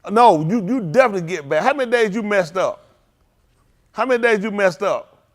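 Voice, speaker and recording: A man's voice: sits high, expressive, a little fast. A man leading a youth group at a congregation, bantering and teasing the young people before opening a Bible lesson. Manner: playful, teasing, banters with the audience.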